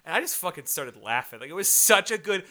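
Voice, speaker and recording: A man's voice: high-pitched, sing-song, fast, pushed and bright. A man co-hosting a casual movie review chat, rambling and profane with lots of fillers. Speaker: podcast co-host.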